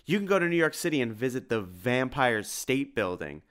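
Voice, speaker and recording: A man voicing an excitable, wisecracking young boy in an audiobook, with jokey outbursts. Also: mid-range voice, normal speed, voice pushed up. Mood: excited. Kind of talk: audiobook character voice.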